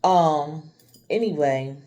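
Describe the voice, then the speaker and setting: A woman's voice: sits low, slow pace, warm tone. A woman from the Chester, Pennsylvania area telling her own life story candidly and speaking straight to her viewers. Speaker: vlogger. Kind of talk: personal storytelling vlog.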